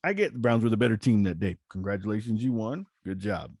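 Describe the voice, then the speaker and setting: Low-voiced man podcast host. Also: quick pace, no echo, clean studio sound. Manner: animated storytelling, stammers on restarts. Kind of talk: casual chat.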